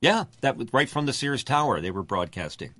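An older man who works as a radio announcer and voiceover artist, from Delaware, talking in a deep, resonant announcer voice with lots of fillers. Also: very animated, a little fast, fairly bright tone, dry recording. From Delaware, USA. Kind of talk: casual interview.

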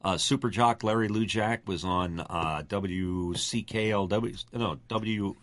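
An older man who works as a radio announcer and voiceover artist, from Delaware, talking in a deep, resonant announcer voice with lots of fillers. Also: unhurried, fairly bright tone, no echo. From Delaware, USA. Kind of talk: casual interview.

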